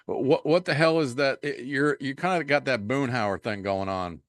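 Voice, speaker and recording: A man's voice: medium pitch, normal speed, no echo, clean studio sound. Teasing, swearing male podcast host. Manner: teasing, profane, friendly banter. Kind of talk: casual podcast conversation.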